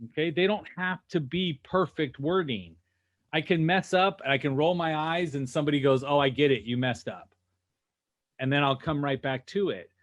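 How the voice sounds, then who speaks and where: A man's voice: on the high side, moderate pace. Upbeat male sales trainer on video call. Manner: energetic, rhetorical, keeps asking "right?" and "okay?". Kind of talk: animated teaching on a video call.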